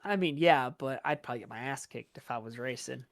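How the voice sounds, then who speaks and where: A man's voice: medium pitch, fairly quick, dry recording. Young guy on a podcast, eager storyteller, plain mid voice, dry mic. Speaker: podcast guest. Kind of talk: casual chat.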